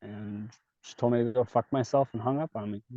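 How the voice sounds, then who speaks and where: Speaking at medium pitch and normal speed, a man with a warm tone and fairly even intonation tells candid stories as a podcast guest. There's no echo on the dull, dry audio, and he swears freely, keeps it casual, and acts out each side of the dialogue.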